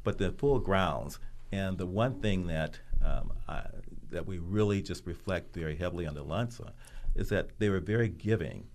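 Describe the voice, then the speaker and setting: A man talking as a guest on a radio show, explaining slowly with many ums. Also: sits low, animated, a little mellow, slight background noise. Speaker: guest, theater president. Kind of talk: casual radio chat.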